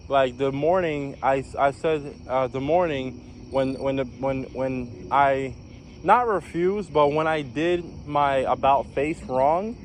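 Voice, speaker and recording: A man's voice: mid-range voice, slow pace, a little hiss or hum. Young man rambling through a personal story. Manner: rambling, repeats phrases, frequent fillers. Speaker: vlogger. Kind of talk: casual storytelling.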